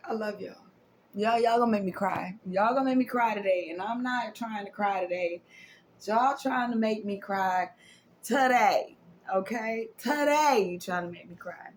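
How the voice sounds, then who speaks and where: A woman's voice: medium pitch, normal speed, a little hiss or hum, rough recording. Emotional woman giving a spiritual card reading. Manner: affirming, repetitive, emotional, drops to whispers. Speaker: tarot and oracle card reader.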